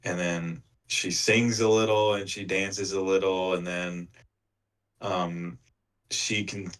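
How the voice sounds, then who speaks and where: Deep-voiced man retelling a book casually. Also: fairly bright tone. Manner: rambling retelling with filler words. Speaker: podcast co-host. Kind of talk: casual book club chat.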